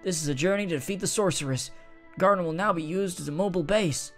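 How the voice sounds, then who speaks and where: A man's voice: high-pitched, fast, faint music behind, pitched above the performer's own voice. A man reading the lines of a formal, middle-aged male headmaster in an announcing tone.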